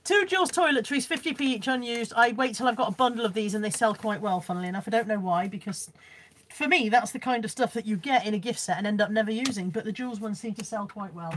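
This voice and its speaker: A woman's voice: fairly high pitch, fast, a little hiss or hum. A woman chatting casually on a live stream as she shows off a car boot haul and reads out viewers' comments, laughing often.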